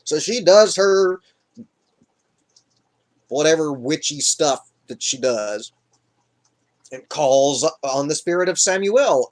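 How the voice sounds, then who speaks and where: Slow, irreverent livestream storyteller. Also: mid-range voice. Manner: casual, irreverent, profane. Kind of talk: improvised comic Bible retelling.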